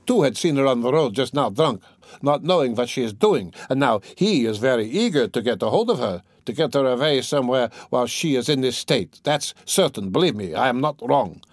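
A man reading an audiobook who voices an agitated young male student, talking in an urgent, pleading, excitable way. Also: mid-range voice, no room sound, studio quality, close to an everyday voice.

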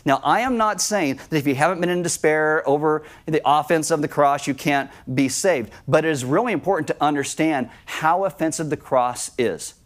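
A man's voice: a little high, moderate pace, hardly any pauses. A man preaching a sermon as pastor, emphatic, and he acts out the voices of people he quotes. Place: church.

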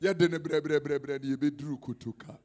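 A man with a Ghanaian accent preaching a conference sermon, mixing Twi and English and bursting into shouts. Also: a little high, steady tone, fast talker. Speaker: prophet. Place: conference hall.

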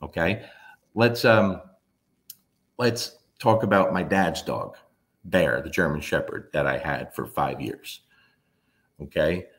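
A dog trainer from New Jersey in his fifties tells a story in a very low, deep, slightly bright voice, speaking slowly with long pauses. Blunt and emphatic, he swears freely and keeps hammering his points home in casual talk.

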